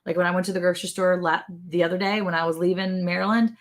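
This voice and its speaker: A woman's voice: fairly low pitch, steady tone, quick pace. A woman co-hosting a ranch livestream, chatting casually, laughing often and yawning. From Texas. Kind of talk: casual live-stream chat.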